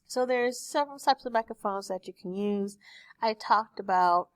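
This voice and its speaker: A woman speech teacher recording a lecture for her class on a desktop microphone, explaining terms slowly with examples. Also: medium pitch, no echo. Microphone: desktop USB microphone.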